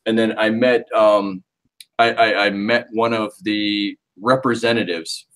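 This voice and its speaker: A man's voice: fairly low pitch, fairly even intonation, measured pace, fairly bright tone. A man hosting a casual podcast, telling a rambling story full of "he was like" quotes and crude, profane language. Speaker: podcast host.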